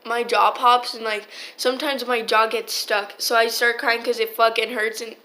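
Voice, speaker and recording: A woman's voice: a little high, flat delivery, normal speed, bright, forceful tone. A teenage girl telling a rambling, swear-filled storytime into her phone, full of restarts. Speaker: vlogger. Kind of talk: casual storytime.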